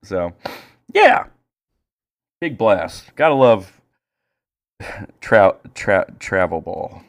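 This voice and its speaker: A man co-hosting a podcast, telling stories in casual chat, animated and full of swearing. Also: lowish voice, drawn-out words. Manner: profane, animated storytelling. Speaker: podcast co-host.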